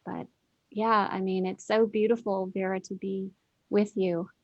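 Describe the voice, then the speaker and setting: A woman's voice: medium pitch, little pitch movement, unhurried, a little mellow, dry recording, highs cut off. A woman, a guest in a heartfelt spiritual conversation over a video call, speaking earnestly and repeating phrases for emphasis.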